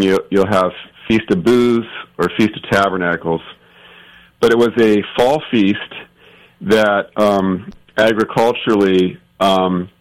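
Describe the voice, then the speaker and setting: A man answering as an expert guest, explaining scripture thoughtfully and patiently, often pausing and restarting his sentences. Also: lowish voice, low-quality recording. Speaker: guest scholar.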